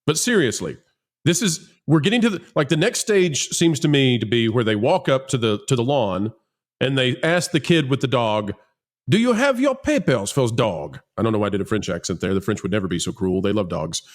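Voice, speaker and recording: A man hosts a casual political panel, putting pointed, sardonic questions to his guests. He speaks in a middle register, but his pitch swings widely and with a lot of life. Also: animated, brisk. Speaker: host.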